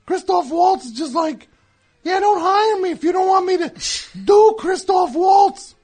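A man's voice: very high-pitched, a little slow, a little mellow. A man voicing a hacky, touchy male squirrel comic who tells corny jokes and grumbles, in a studio comedy bit. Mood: wisecracking. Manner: corny joke-telling, self-pitying grumbling. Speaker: recurring comedy character. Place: radio studio.

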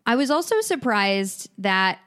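A woman's voice: mid-range voice, big pitch swings, unhurried, fairly bright tone, smooth. A woman co-hosting a podcast, casually recapping a TV episode with lots of fillers and searching for words. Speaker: podcast co-host.

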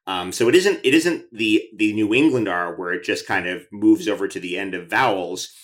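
A man's voice: fairly low pitch, normal speed. A man hosting an interview show, talking in a chatty, enthusiastic way with frequent restarts. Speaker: podcast host. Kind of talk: conversational interview.

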